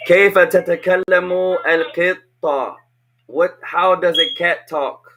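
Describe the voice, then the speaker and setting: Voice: medium pitch, fairly even intonation, unhurried, a bit bright. A teacher leading an online language lesson for children, patiently repeating each question over a video call.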